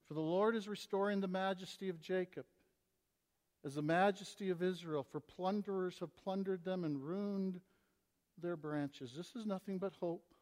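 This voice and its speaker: A man preaching a sermon, swinging between loud emphatic reading and quiet, low asides to his congregation. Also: moderate pace. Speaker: pastor. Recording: long hall reverb.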